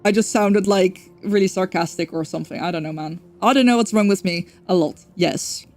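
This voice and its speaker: A woman's voice: lowish voice, fairly quick, a little mellow. A young woman streaming a game, chatting casually and rambling, correcting herself and swearing now and then. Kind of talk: casual livestream chat.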